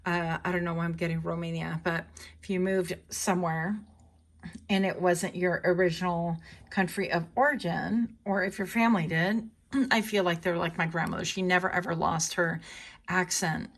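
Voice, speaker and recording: A woman's voice: on the low side, fairly even intonation, moderate pace. A woman doing a casual, rambling tarot reading, talking in a chatty way and often correcting herself. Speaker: tarot reader.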